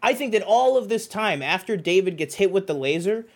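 Animated chatty man, a bit high. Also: fairly quick. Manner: rambling, animated, lots of fillers and restarts. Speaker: podcast co-host. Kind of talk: casual chat.

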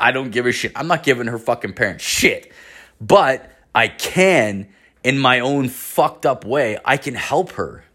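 A man's voice: mid-range voice, normal speed, pushed and bright. Swearing man telling stories on his podcast. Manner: rambling, swears constantly, slangy. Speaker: podcast host. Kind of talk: casual profane storytelling.

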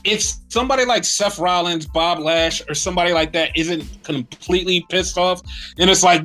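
A man's voice: high-pitched, moderate pace, pushed and bright, soft background music. A man co-hosting a podcast, chatting casually and animatedly about wrestling, swearing often and acting out rants. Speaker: podcast co-host.

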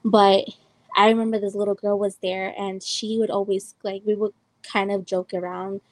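A woman's voice: mid-range voice, little pitch movement, moderate pace, poor audio. Rambling young woman telling a story. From El Salvador. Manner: rambling, heavy use of "like" and "um". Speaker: podcast host. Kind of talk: casual personal storytelling.

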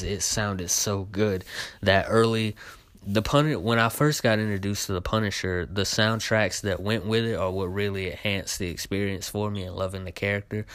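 Fields: Sex: man. Pitch: low. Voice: dry, close. Style: rambling review. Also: a bit bright, clear, resonant tone, no echo. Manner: rambling, filler-heavy, heated complaining. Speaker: show host reviewing trailers. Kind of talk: casual spoken review.

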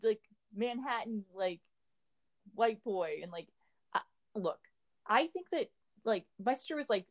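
A woman's voice: a little high, lively intonation, measured pace, pauses often. Young female co-host, casual, rambling delivery full of fillers. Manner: rambling, filler-heavy, says "like" constantly. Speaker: podcast co-host. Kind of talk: casual chat.

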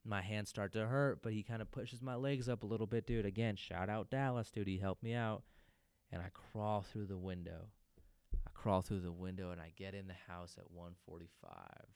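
A man's voice: fairly low pitch, steady tone, moderate pace, darkish tone, clean tone, no room sound. A man casually telling a personal story, loose and profane, peppering his talk with "dude" and "man".

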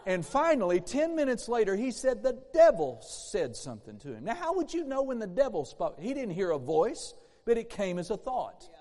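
A man's voice: high-pitched, sing-song, normal speed, few pauses, a little mellow. A man preaching a sermon in a church, emphatic and repetitive, acting out bursts of laughter. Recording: long hall reverb in a church.

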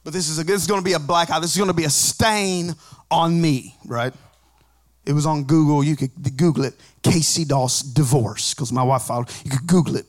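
A man preaching a sermon as a pastor, mixing joking asides with rising, shouted, sing-song preaching. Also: a little high, steady tone, fairly quick. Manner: conversational asides with humor.

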